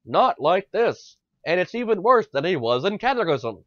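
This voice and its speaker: Podcast co-host, male, sweary and exasperated, lively pitch, dry close mic. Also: unhurried, few pauses, no room sound. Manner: exasperated, swearing, repeats words. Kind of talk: casual podcast rant. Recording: dull lo-fi podcast audio.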